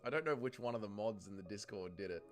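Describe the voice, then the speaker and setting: A man's voice: fairly low pitch, fast talker, faint music behind. A man from Melbourne with an Australian accent, hosting a casual livestream and joking through viewer comments. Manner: joking, crude, lively banter with chat. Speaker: livestream host.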